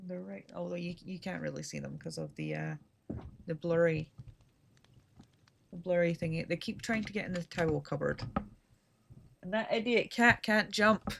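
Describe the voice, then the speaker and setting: A woman's voice: fairly low pitch, moderate pace, gravelly, long pauses, background noise. A Scottish woman from Scotland, chatting casually and rambling with dry humor while she streams a game. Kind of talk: casual chat while gaming.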